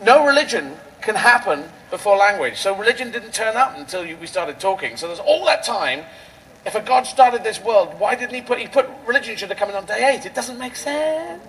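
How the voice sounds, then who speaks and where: A male comedian performs stand-up on an outdoor rally stage through a stage microphone, speaking in a high voice with gravelly fry. His delivery is rambling and playful, spinning absurdist riffs. Faint noise sits behind the voice. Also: expressive, brisk, a bit bright, low-quality recording.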